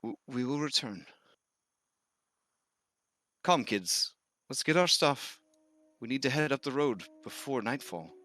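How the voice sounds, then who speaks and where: A man's voice: medium pitch, lively intonation, unhurried, pauses often, bright, forceful tone, no room sound, voice pushed up. A man voicing a farm mother sending her family off, speaking firmly.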